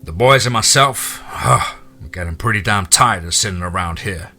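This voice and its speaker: A gruff, crude soldier who talks bluntly, as a male narrator puts him on. The voice is low and forceful. He sounds like a hard-edged military man in a horror audiobook. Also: moderate pace, faint music behind, full character voice. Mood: frustrated. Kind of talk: audiobook character voice.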